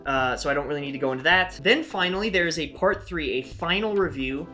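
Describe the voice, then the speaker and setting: Frank, bright-voiced man reviewing. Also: a little high, quick pace, faint music behind. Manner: frank, opinionated, chatty. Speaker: language-resource reviewer. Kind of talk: casual spoken review.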